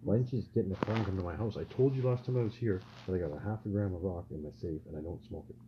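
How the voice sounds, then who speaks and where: Fast-talking deep-voiced man, lecturing. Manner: lecturing, insistent, swearing. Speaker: friend in conversation. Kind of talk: heated casual argument. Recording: muffled lo-fi recording with faint noise.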